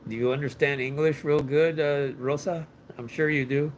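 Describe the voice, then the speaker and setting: In a slightly high voice with fairly even intonation and a normal pace, a livestream host from Los Angeles, United States, reads viewer comments aloud from a hotel room. He laughs frequently and drops in bits of Spanish. The poor audio has a little hiss or hum.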